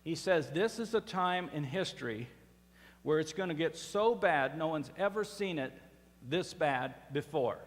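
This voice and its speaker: A man's voice: a little high, expressive, a little slow. A man preaching a sermon as pastor, in a conversational style with fillers and restarts, from a church sanctuary. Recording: reverberant church hall.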